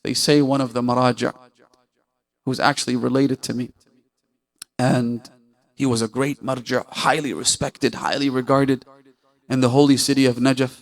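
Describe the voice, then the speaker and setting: A man's voice: little pitch movement, normal speed, long pauses. A man preaching a sermon, telling stories with passion and asking his listeners rhetorical questions. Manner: impassioned storytelling, asks listeners rhetorical questions; voice swells loud and high at emotional peaks.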